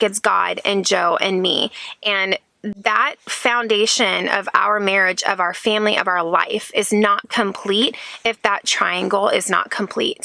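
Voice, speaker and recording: A woman talks to her viewers in an earnest, chatty way. Her voice is bright and sits close and dry, with little room around it. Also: medium pitch, vocal fry, dry recording. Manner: earnest, faith-filled, chatty with many "like"s. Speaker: vlogger. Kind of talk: casual chat to camera.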